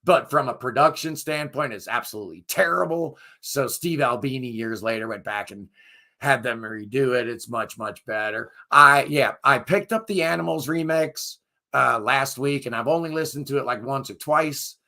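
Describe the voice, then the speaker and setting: Middle-aged male music channel host, hoarse and fading, gravelly edge, bright tone, rambling and enthusiastic. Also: medium pitch, normal speed. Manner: rambling, enthusiastic, self-deprecating. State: hoarse, losing his voice. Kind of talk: casual live chat with viewers.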